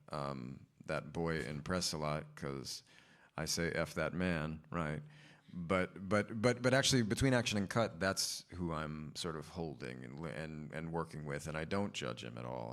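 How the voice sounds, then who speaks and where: Very deep-voiced man, reflective. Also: a bit bright. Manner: reflective, searching for words, laughs often. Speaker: lead cast member on a panel. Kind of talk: panel Q&A answers.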